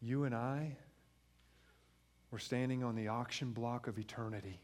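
A man in his thirties preaching a sermon, moving from quiet, low passages to loud, emphatic ones and acting out family dialogue. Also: fairly even intonation, normal speed. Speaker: pastor.

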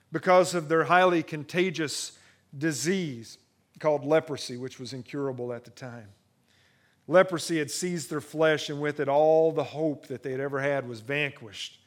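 A man delivers a sermon in a fairly high voice. He moves between hushed, personal moments and rising excitement, often circling back to repeat a phrase as he presses a point. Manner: dynamic preaching, drops to hushed intimacy then builds to rising excitement. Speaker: pastor.

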